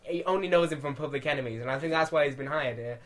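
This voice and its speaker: A man's voice: fairly high pitch, quick pace, a bit bright. A man hosting a film podcast, talking in a casual review chat, ranting and often laughing.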